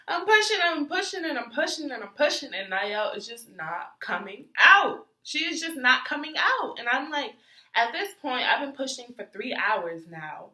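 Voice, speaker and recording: Chatty young woman vlogger, bright voice. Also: sits high, moderate pace, reverberant, poor audio. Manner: chatty, animated, many fillers and quoted reactions. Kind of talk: casual storytime chat.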